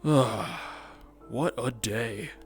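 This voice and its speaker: A man's voice: mid-range voice, drawn-out words, husky, faint music behind. A man streaming a VR roleplay, chatting to his viewers in a loose, rambling way and laughing to himself. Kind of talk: casual VR roleplay stream chat.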